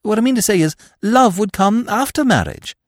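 A man's voice: sits high, sing-song, moderate pace, no echo, clean studio sound, voice pushed up. A man voicing a silly, lovestruck young aristocratic man who chatters in a bumbling, chirpy upper-class way. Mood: chirpy, eager.

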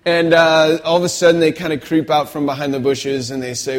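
A man's voice: on the high side, flat delivery, brisk, hardly any pauses. A male pastor preaching a sermon in a conversational way, often checking in with the congregation.

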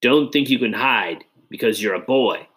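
A man's voice: medium pitch, moderate pace, fairly bright tone, lightly acted, poor audio. A man reading aloud and voicing a bullying Tory villain who snarls mocking threats. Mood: sneering. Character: bullying adult male Tory villain, sneering.

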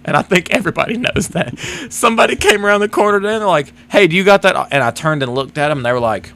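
A man's voice: on the high side, very fast. A young man co-hosting a podcast, telling a work story in casual chat, swearing freely and acting out what others said. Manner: animated storytelling, casual swearing, acts out quotes. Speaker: podcast co-host.

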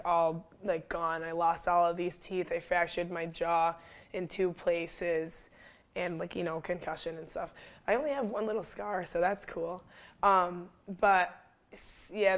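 A young woman, a fitness coach, telling a story in a casual interview, animated and full of fillers, who jumps loud and high when quoting herself. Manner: animated, lots of fillers, acts out quotes loudly. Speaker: fitness trainer and wellness coach, guest.

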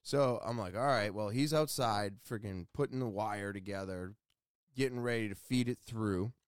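A man's voice: lowish voice, moderate pace, smooth, no echo, studio quality. A man telling a casual, profane story about a home repair visit, blunt and exasperated. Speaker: homeowner telling an anecdote.

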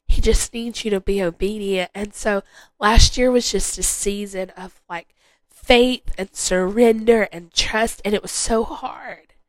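A woman's voice: mid-range voice, a little slow, no echo, rough recording. A woman hosting a podcast, sharing a heartfelt personal faith testimony in an earnest way and repeating phrases for emphasis. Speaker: podcast host.

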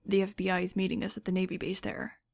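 A tired, matter-of-fact man briefing the group, as a woman narrator reads him. The read is plain and mid-pitched with a gravelly grain. It is audiobook storytelling. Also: little pitch movement, fast talker, a little mellow.

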